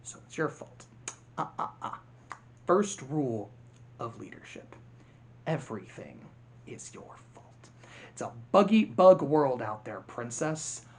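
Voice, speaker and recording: A vlogger imitating a menacing male grasshopper villain from an animated film, in a low, hushed, sneering whisper delivered slowly. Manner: slow, threatening, sneering.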